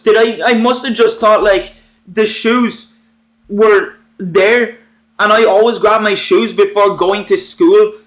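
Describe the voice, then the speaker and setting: A young man with a high-pitched voice rambles through an embarrassing school story. He swears freely, mocks himself and stumbles over fillers and restarts as he goes. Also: fairly bright tone. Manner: rambling, crude, self-mocking, many fillers and restarts. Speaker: storytime vlogger. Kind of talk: casual storytelling.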